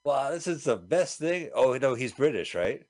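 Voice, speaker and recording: A man's voice: mid-range voice, very animated, normal speed, a little mellow. A man co-hosting a show, making sarcastic jokes while watching a movie. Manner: joking, sarcastic asides. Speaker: co-host. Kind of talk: casual movie riffing chat.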